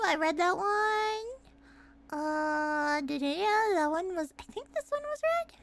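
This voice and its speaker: A woman streaming from home in a casual livestream chat, her voice extremely high and bright. She talks in an unhurried but lively way, swinging all over her range. She swears freely and keeps bursting into shouts and laughter. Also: slight background noise.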